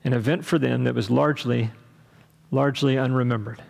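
A man's voice: medium pitch, steady tone, a little fast, creaky, a little mellow, big-room sound. A man from Texas preaching a sermon as pastor, talking conversationally with asides and questions to the congregation.

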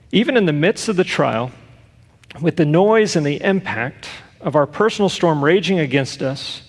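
A middle-aged man, a pastor, preaching earnestly with rhetorical questions and loud bursts of emphasis. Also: on the high side, vocal fry, in a large hall. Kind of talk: sermon.

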